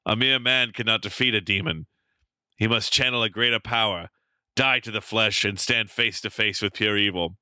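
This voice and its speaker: A man's voice: on the low side, fairly even intonation, normal speed, sharp tone, clean tone, no echo. A man doing an impression of a movie star reading a dramatic promo, in a grave, declaiming manner. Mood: dramatic intoning. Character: solemn movie-star narrator intoning a dramatic wrestling promo.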